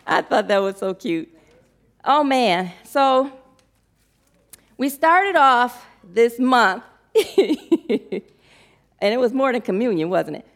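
A woman minister preaching a sermon to her congregation, animated and emotional, laughing often. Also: high-pitched, drawn-out words, long pauses.

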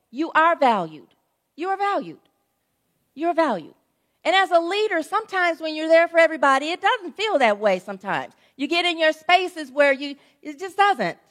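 A woman's voice: very high voice, a bit bright. A middle-aged woman pastor giving a sermon in a conversational, storytelling way, often checking in with her listeners. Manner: conversational storytelling preaching, frequent "right?" asides.

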